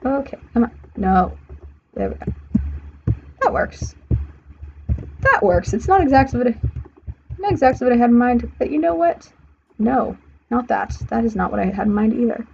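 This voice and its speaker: A woman's voice: a little high, big pitch swings, moderate pace, vocal fry, pauses often, a little mellow. A young woman streaming a building game, rambling to herself as she works and often correcting herself mid-sentence. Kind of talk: casual gameplay commentary. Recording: slightly muffled stream audio, faint hiss.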